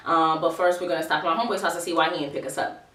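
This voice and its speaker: A woman's voice: low-pitched, fairly even intonation, racing, a bit bright. A woman voicing a laid-back young man who mumbles evasive excuses in casual slang. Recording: roomy echo, distant mic.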